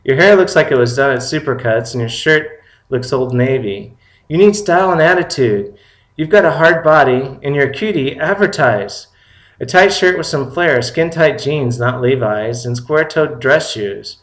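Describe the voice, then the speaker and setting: A man's voice: medium pitch, animated, moderate pace, a bit bright, lightly acted. A man reading a story aloud, voicing a sassy, bossy young gay man who teases and lectures his friend. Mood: bossy teasing. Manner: teasing, flamboyant, lecturing. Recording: roomy echo.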